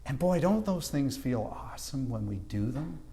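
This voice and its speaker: A man's voice: medium pitch, normal speed. A man from Canada preaching a sermon, telling a childhood story and acting out the voices of people in it. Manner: storytelling, animated with acted-out quotes. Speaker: pastor. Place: church sanctuary.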